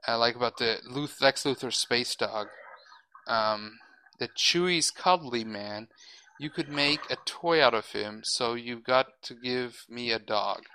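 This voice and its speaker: A man's voice: medium pitch, measured pace, sharp tone, slight background noise, poor audio. A man hosting a podcast, chatting casually with strong opinions and a lot of restarts, and swearing now and then. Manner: rambling, opinionated, frequent restarts. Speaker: podcast host. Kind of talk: casual chat.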